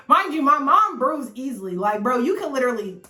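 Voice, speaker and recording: A woman in her twenties, a vlogger telling a personal story in a chatty, animated way, swearing freely and talking straight to her viewers. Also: sits high, moderate pace. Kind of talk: casual storytelling to the camera. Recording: echoey room.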